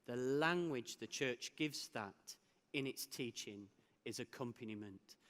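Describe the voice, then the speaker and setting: The keynote speaker, a man with a medium-pitched, somewhat bright voice, talks at a measured pace. He recounts a personal story with laughter and restarts, and the large hall lends the recording a long reverb.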